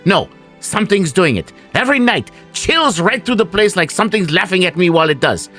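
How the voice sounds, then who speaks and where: A man's voice: high voice, very animated, brisk, bright, forceful tone, soft background music, voice pushed up, heavily acted. A man voicing a feisty, indignant small woman in a cottage, scolding and defiant in a tabletop game.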